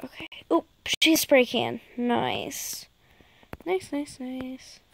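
A woman chatting excitedly to her viewers while commenting on her gameplay. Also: high-pitched, very slow, vocal fry, poor audio. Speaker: gaming YouTuber.

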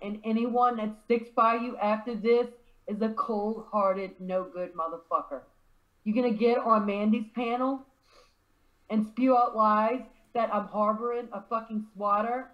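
Woman, livestream rant, furious and foul-mouthed; slightly high pitch, dull lo-fi sound. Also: steady tone, unhurried. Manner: furious, swearing heavily. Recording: dull lo-fi stream audio.

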